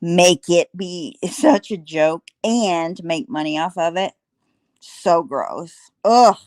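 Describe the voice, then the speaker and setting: A woman's voice: on the low side, slow pace, a little mellow, no echo, studio quality. A woman co-hosting a casual livestream chat, scornful and incredulous.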